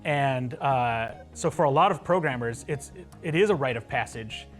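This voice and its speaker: A man's voice: medium pitch, lively intonation, moderate pace, soft background music. A man, a game developer, speaking earnestly and reflectively in a documentary interview.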